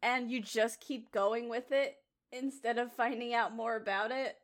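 A woman co-hosting a casual podcast and recapping a TV episode. She is giggly and excitable and quick to laugh. Her voice is a bit high. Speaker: podcast co-host. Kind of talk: casual chat reviewing a TV episode.

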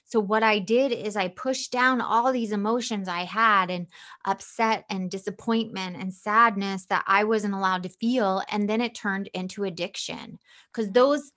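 A woman's voice: mid-range voice, unhurried. A woman guest on a podcast talking candidly and earnestly about feelings and parenting. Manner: candid, earnest, animated when quoting. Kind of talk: casual chat.

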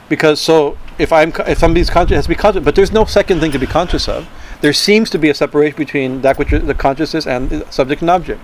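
A man giving an informal talk on Tantra philosophy. He speaks haltingly, repeats words and keeps asking "right?". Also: fairly high pitch, slight background noise, rough recording. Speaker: spiritual teacher.

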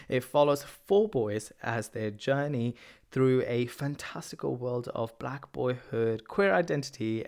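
Enthusiastic male podcast host, casual solo chat, mid-range voice, quick to correct himself. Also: mid-range voice. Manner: enthusiastic, chatty, self-correcting.

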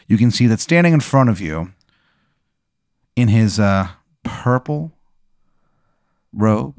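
A man narrating a comedic improvised adventure as game master, deadpan with frequent fillers. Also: fairly low pitch, takes it slowly, dry recording, studio quality.

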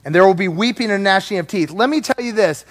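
Lively animated male preacher. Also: sits high, fast talker. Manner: animated and playful, acting out voices. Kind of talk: sermon.

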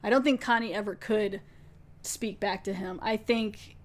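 Animated woman recapping a show. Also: mid-range voice, measured pace. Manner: animated storytelling, acting out characters' lines. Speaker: podcast host. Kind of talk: casual episode recap.

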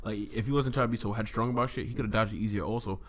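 A man talks anime with friends on a casual podcast, excited and loose, tripping over his words and restarting as he goes. His voice sits a little low for a man. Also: rapid-fire. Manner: animated, swearing, stumbling restarts. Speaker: podcast co-host.

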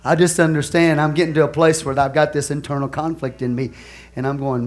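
A man preaching a sermon as pastor, animated, swinging between soft asides and loud exclamations, stretching key phrases slowly. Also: fairly high pitch. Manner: laughs and asks the congregation questions.

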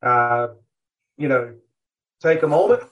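A man's voice: mid-range voice, lively intonation, takes it slowly, slight background noise. A man, a guest on a barbecue podcast, telling a rambling story in a casual interview, full of fillers and asides. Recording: dull lo-fi audio.

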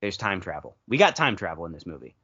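Co-host, casual movie chat, animated and rambling, lively pitch, lo-fi podcast sound. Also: quick pace, husky. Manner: rambling, animated storytelling with playful quoted asides.

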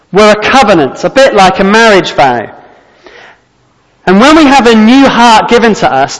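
A man's voice: high-pitched, long reverb tail, low-quality recording. A man preaching a sermon, earnest and emphatic, repeating his key phrases.

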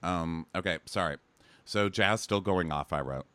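Podcast co-host, man, lowish voice, snarky and cussing, dry close sound. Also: a little slow, sharp tone, no room sound. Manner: sarcastic, swears freely. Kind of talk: casual chat recapping a reality show.

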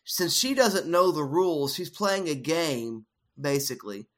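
A man on the high side, with a fairly bright tone, co-hosts a podcast about film in a casual discussion. He explains ideas thoughtfully and at length, with frequent fillers.

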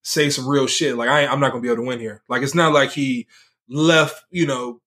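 A man's voice: medium pitch, steady tone, a little fast, pushed and bright. A man in a casual sports chat, talking loosely and rambling, with many fillers. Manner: loose, rambling, heavy on fillers like "like" and "you know".

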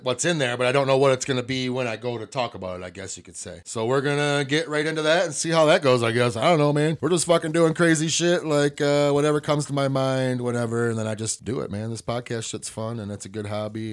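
A man hosting his own podcast, ranting in a casual, profane, rambling way from a small home studio. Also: medium pitch. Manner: profane, rambling, riled-up venting. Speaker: podcast host. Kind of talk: casual solo podcast rant. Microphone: studio microphone.

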